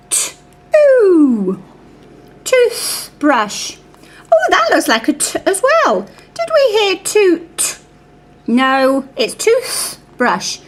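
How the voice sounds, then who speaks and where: A woman teaching phonics to young children, slowly and sing-song sounding out each speech sound and coaxing a puppet helper. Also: very high voice. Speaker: reading teacher.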